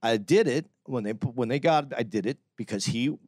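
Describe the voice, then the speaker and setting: A man's voice: medium pitch, moderate pace, darkish tone, dry recording. A man makes his case on a podcast in an ordinary mid-range voice, talking earnestly and restarting his sentences often. The recording is dry and close, with no room sound. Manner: earnest, argumentative, many restarts. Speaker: podcast co-host. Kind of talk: casual podcast discussion.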